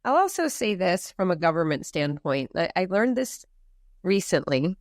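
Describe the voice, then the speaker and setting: A woman from the United States speaking as a podcast guest, animated and emphatic, with many rhetorical questions. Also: lowish voice, moderate pace, no room sound, clean studio sound. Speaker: farm movement founder, guest. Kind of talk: podcast interview.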